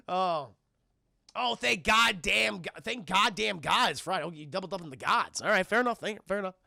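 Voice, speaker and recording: Gravelly-voiced man chatting to stream. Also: high voice, lively intonation, moderate pace, bright, forceful tone, no echo, studio quality. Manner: rambling, profane, laughs often, addresses chat. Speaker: film review streamer. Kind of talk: casual profane film recap to live chat.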